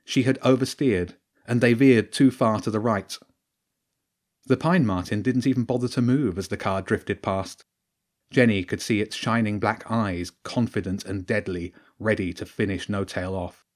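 A man with a fairly low voice reads his own children's adventure story aloud. He narrates at an even pace and jumps up loudly for the characters' shouted lines. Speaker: author and storyteller.

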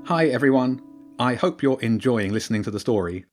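A man who wrote the story reads his children's adventure aloud, raising his voice sharply for the characters' shouts. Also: medium pitch, expressive, fairly quick, soft background music. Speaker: author and storyteller.

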